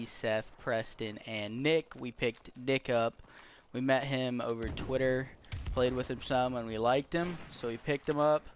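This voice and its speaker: A teenage guy chatting loosely about his summer plans, breaking off to curse at the match he's playing. His voice sits at a middle pitch. A faint hiss and distant game gunfire run underneath. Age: teens. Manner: rambling, swears at the game mid-sentence. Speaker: gaming YouTuber. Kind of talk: casual channel update while playing a shooter.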